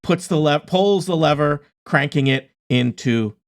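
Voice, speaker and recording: A man's voice: fairly high pitch, a little slow. Easygoing man narrating as game master. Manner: relaxed, many uh fillers.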